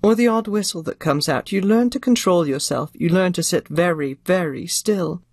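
An older woman who narrates audiobooks answers an interviewer's questions. She speaks with crisp, theatrical phrasing. The recording is dry, with no room sound. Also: on the low side, normal speed, a little mellow, dry recording.

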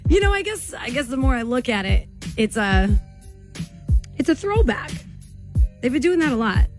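A woman's voice: high-pitched, sing-song, moderate pace, music in the background. A woman hosting a morning radio show, teasing her co-host and laughing often in casual banter.

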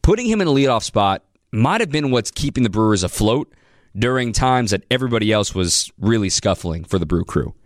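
Energetic male sports radio host. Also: mid-range voice, no room sound, studio quality. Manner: energetic, conversational, reads out phone numbers. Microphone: studio microphone.

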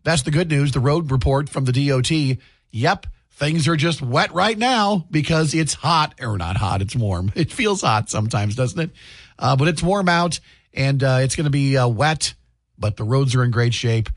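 A man's voice: medium pitch, animated, normal speed, dry recording, studio quality. A man, hosting a morning radio show and chatting about his family in an upbeat way. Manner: chatty, upbeat, tells home stories. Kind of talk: morning radio chat and announcements. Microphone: studio microphone, dry booth.

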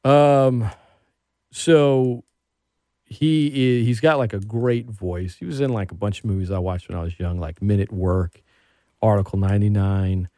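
A man hosting a casual talk show, an animated storyteller who gets worked up. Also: on the low side, a little slow, no room sound, studio quality. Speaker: podcast host. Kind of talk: casual chat.

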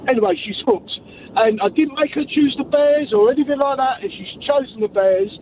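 A man from the UK with a British accent, calling into a radio show and telling a story in an excited, chatty way. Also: extremely high pitch, fairly quick. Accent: British English. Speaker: caller. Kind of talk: phone-in call. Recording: tinny phone line with faint noise.

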